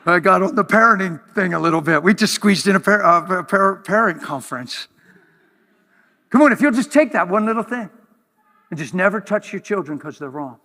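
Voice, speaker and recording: A man preaching a sermon in a church, talking in an animated way, swinging from loud exclamations to hushed near-whispers. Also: sits high, a little fast. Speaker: pastor. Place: church hall. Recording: reverberant church hall.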